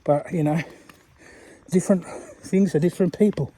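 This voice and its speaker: A man strolls along while rambling casually in a video message to a channel owner he admires. He speaks at normal speed in a slightly high, warm voice.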